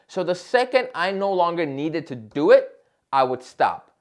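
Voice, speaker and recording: A man's voice: fairly high pitch, sing-song, measured pace. A young man talking straight to camera in an advice vlog, passionate and emphatic, often checking in with "right?". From Chicago area. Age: young adult. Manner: passionate, emphatic, talks loudly with frequent "right?". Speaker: real estate agent and vlogger.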